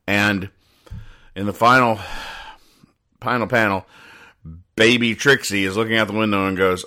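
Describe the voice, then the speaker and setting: A man reviewing comic strips in casual commentary, rambling and sighing as he explains each joke deadpan. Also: fairly low pitch, measured pace, long pauses.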